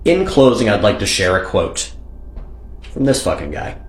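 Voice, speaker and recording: A fairly low-voiced man hosting a reaction commentary, sarcastic and profane as he scolds his target. His voice rings in an echoey room. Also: very animated, moderate pace, soft background music. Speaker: reaction video host.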